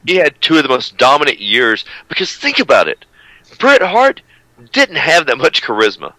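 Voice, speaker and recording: A man's voice: on the high side, wildly swooping pitch, moderate pace, sharp tone, poor audio. A man co-hosting a wrestling radio show, talking in a brash, profane, rambling way. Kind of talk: casual uncensored radio banter.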